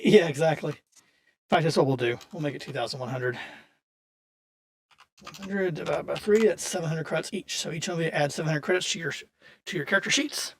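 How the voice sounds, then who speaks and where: A man's voice: on the high side, fairly quick, pauses often. Man, casual game master, narrating a tabletop session with a slightly raised voice and easy self-corrections.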